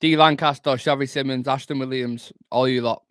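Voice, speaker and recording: A man's voice: medium pitch, steady tone, fairly quick, clear, resonant tone. A young man from Manchester, hosting a casual football watchalong livestream, swearing and bantering with his chat close to the mic. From Manchester, England. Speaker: fan channel livestream host. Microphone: close mic, eating into it.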